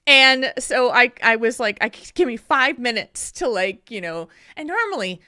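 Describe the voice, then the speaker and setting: Woman podcast host, bright voice, dry close mic, lively self-mocking storyteller. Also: a little high, unhurried, dry recording. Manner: animated, self-deprecating storyteller. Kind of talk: casual podcast chat.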